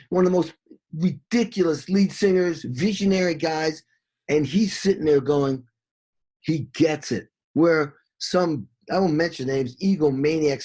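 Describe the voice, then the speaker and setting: An excitable middle-aged man with a husky, slightly raised voice tells studio war stories in a rush. He swears freely and sings out drum patterns as he goes. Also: on the high side. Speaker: session drummer, interview guest. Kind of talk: animated storytelling in an interview.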